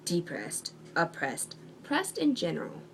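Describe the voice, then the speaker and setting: A woman's voice: lowish voice, wildly swooping pitch, unhurried, creaky, a bit bright, a little hiss or hum. A young woman talking in a casual video monologue at home, sarcastic and hesitant with many ums. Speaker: vlogger.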